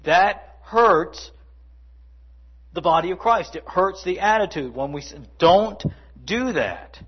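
A man's voice: sits high, expressive, slow, slightly rough, lo-fi sound. A man preaching a sermon in a conversational way, with asides and playful mimicry. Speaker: pastor.

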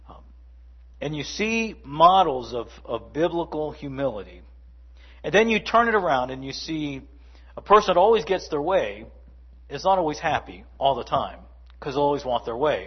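A man delivers a sermon with a fairly high, husky voice. He preaches conversationally, slipping into asides and playful imitations. The recording sounds dull and lo-fi. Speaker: pastor.

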